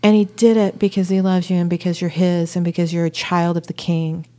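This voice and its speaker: A woman in a faith-based conversation, telling stories in an animated way and laughing as she talks. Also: lowish voice, brisk.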